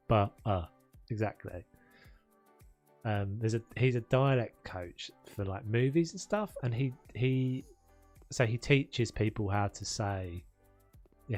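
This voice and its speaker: A young South London man rambles through relaxed stream chat, with a low voice and a habit of laughing and restarting his sentences. Quiet music plays faintly underneath. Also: no echo. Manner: chatty, laughs often, trails off and restarts. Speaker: game streamer. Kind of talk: casual live-stream chat. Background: faint background music.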